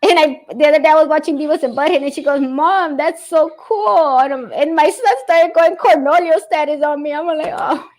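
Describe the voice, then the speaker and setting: High pitched woman telling stories about her kids, laughing and swearing, super animated. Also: fast, few pauses. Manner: animated storyteller, laughs often, swears freely. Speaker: parent guest in a chat. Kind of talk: casual chat.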